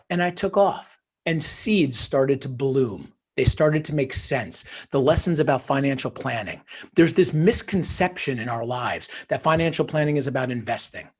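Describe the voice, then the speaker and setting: A middle-aged man from northern New Jersey, a guest telling his life story in an animated, emphatic motivational way. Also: medium pitch, normal speed, husky. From northern New Jersey, USA. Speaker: podcast guest, author and financial wholesaler. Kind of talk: casual storytelling interview.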